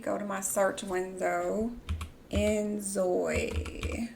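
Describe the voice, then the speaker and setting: A young woman streaming live, with a higher-pitched voice that has a gravelly fry running through it. She talks in an unhurried way, bursts into gasps and squeals, and then drops to muttering to herself. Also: fairly bright tone, a little hiss or hum. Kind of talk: excited live-stream chat.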